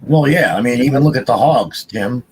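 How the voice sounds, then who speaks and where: A man's voice: mid-range voice, expressive, moderate pace, darkish tone, husky, low-quality recording. A man co-hosting a podcast livestream, talking loosely with frequent restarts and repeats. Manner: loose, repetitive, restarts often. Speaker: podcast co-host. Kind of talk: casual livestream chat.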